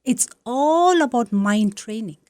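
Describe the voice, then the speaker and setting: A woman from South India talks as a guest, warmly affirming and explaining meditation like a teacher. Her voice is recorded close and dry, with no room sound. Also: on the high side, lively intonation, slow, no room sound. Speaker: Buddhist nun, guest. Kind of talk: conversational interview.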